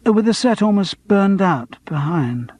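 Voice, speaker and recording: A man playing a vague TV director in an audiobook who drifts through his words slowly, as if half elsewhere. His pitch sits a little high and soft, with a husky edge. The sound is dry. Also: animated, no echo. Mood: dreamy. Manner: dreamy, slow, lazy. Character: dreamy, distracted male TV director. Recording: dry close studio.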